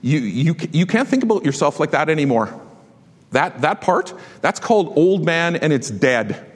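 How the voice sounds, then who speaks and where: A man preaching a sermon as a pastor, emphatic and exhorting his congregation with quick asides. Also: on the high side, very animated, breathy edge. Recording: long hall reverb.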